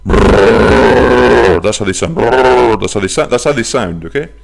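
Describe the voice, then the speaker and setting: A man hosting his own podcast, chatting casually from his flat, telling stories with silly voices and some swearing. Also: lowish voice, very fast, vocal fry. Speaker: podcast host. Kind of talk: casual solo podcast chat. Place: flat near a bus stop.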